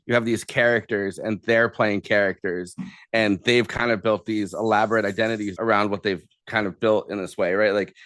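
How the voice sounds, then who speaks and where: Low-voiced man, dry close sound. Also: moderate pace, dry recording. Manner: animated, laughs while retelling scenes. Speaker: podcast co-host. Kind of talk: casual movie discussion.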